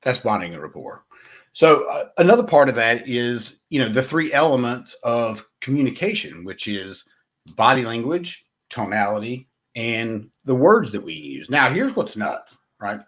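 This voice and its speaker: A man hosts a solo podcast of blunt, motivational sales coaching, speaking straight to the listener. His mid-range voice is very animated at normal speed, and he often checks in with "right?".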